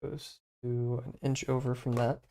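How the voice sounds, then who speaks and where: A man's voice: medium pitch, level tone, a little slow, creaky, mellow. A young man streaming live as he draws, chatting casually with lots of fillers and muttering to himself as he sketches. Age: young adult. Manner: rambling, many fillers, muttering while sketching. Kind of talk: casual chat while drawing.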